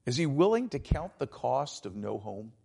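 A man's voice: mid-range voice, big pitch swings, moderate pace, gravelly, dark tone, slightly rough. A man preaching a sermon as pastor, explaining scripture with emphatic, dramatized quotes.

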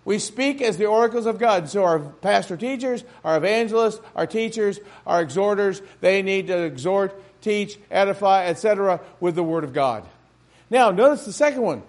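A man's voice: high-pitched, lively intonation, brisk. A man pastor preaching a sermon in a church, talking to the congregation with frequent rhetorical questions.

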